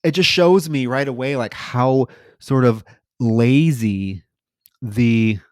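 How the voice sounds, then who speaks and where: A man co-hosting a movie podcast, ranting in a profane, animated way as he recaps a film. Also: mid-range voice, slow, no echo, clean studio sound. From lived in Houston for years. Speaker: podcast co-host. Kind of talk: casual movie review chat.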